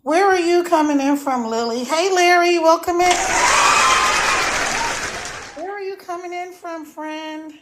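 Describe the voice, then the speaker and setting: A woman's voice: very high voice, measured pace, pauses often, a crowd in the background, background noise. A woman hosting a casual phone live stream, chatty and repetitive, greeting viewers by name. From United States. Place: mountains of Virginia.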